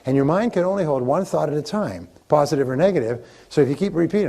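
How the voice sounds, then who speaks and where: A man's voice: on the high side, animated, rapid-fire, hardly any pauses, dark tone. A man speaking as a motivational speaker in a live seminar, repeating and building his points with lists and chanted phrases.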